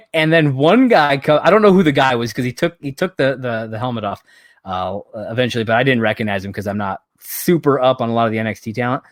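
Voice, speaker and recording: A man's voice: mid-range voice, fast, no echo, studio quality. A man co-hosting a podcast, recapping wrestling events in casual, profane, exasperated storytelling. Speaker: podcast co-host.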